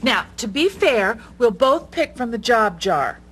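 An actress playing a lazy, teasing sitcom wife who talks in a slow, mock-sweet drawl. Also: female voice, fairly high pitch, big pitch swings. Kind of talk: sitcom acting. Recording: studio audience laughter, noisy TV audio.

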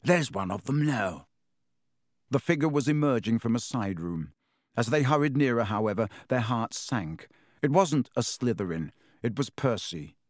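A man narrates a story with a steady, measured delivery. His voice sits at a mid pitch, recorded close on a dry, deadened mic. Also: dry recording. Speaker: audiobook narrator. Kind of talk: scripted narration.

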